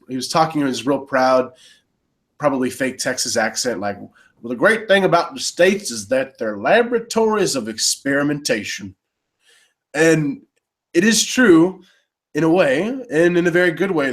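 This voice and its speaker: A man co-hosting live election coverage in casual panel talk, rambling with many restarts and getting excited about voting systems. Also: mid-range voice.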